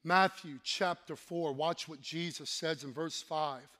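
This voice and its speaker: A man's voice: fairly high pitch, unhurried, bright, forceful tone. A man preaching a sermon with emphatic, repetitive declarations, leading his congregation in call-and-response and slipping in playful asides.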